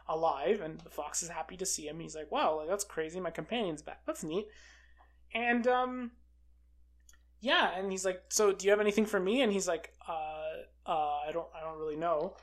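A film reviewer giving a casual, rambling recap of a movie, full of "like", who quotes characters in a flat, offhand voice. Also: medium pitch.

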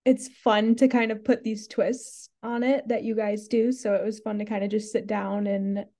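A young woman guest on a podcast, rambling casually in a relaxed, easygoing way. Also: mid-range voice, moderate pace. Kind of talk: casual chat.

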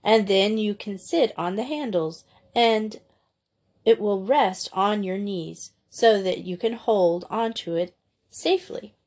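A caring older-sister figure, gentle and steady, who gives firm instructions, read by a woman narrating a storybook. She stays close to the narrator's own even voice. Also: medium pitch, slow.

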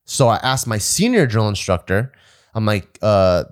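A young man with a fairly low voice tells a long, crude story in loose, casual talk. He swears constantly and slips into the voices of the people he quotes. His delivery is animated and unpolished. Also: quick pace. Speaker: podcast guest.

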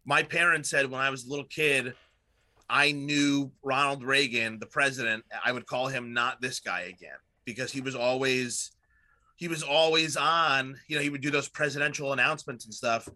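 A man's voice: medium pitch, steady tone, normal speed, pushed and bright. A man in his thirties chatting casually on a podcast, rambling with lots of fillers and swearing. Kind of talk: casual chat.

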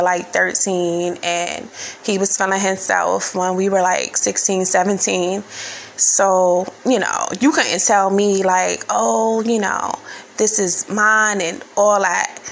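Gravelly New woman telling stories. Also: mid-range voice, fairly bright tone, slight background noise, rough recording. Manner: candid, rambling, heavy on fillers and swearing. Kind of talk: casual storytime vlog.

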